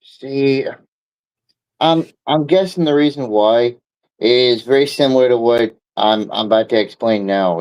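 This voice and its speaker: A man's voice: medium pitch, poor audio. A man hosting a casual chat who talks in a frank, laid-back way and swears freely. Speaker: stream host.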